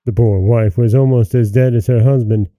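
A man narrating a fairy tale as a podcast host, in measured, even storytelling. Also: medium pitch, dry recording.

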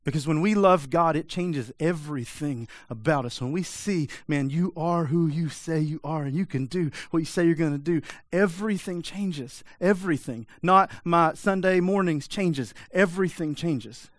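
Man, pastor preaching, urgent, direct, rhetorical questions, higher voice, dry close sound. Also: moderate pace, few pauses, no room sound. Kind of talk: sermon.

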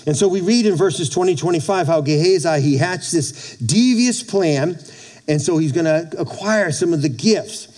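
A man preaching a sermon, retelling a story in a halting way, repeating words and acting out the characters' lines. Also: a little high, darkish tone. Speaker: pastor.

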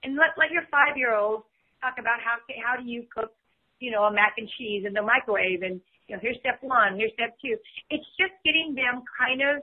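A woman's voice: on the high side, a little fast. A woman in her fifties, a podcast guest speaking in casual chat, full of "you know" fillers. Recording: tinny phone line.

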